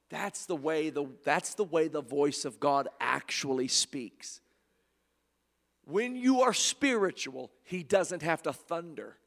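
A male preacher delivering a sermon, swinging between loud fervor and hushed softness and repeating phrases. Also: on the high side, takes it slowly, creaky. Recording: long hall reverb.

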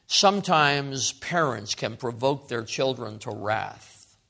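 A middle-aged man preaching a sermon, swinging from loud emphasis to quiet asides. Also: mid-range voice, lively intonation, slow, vocal fry.

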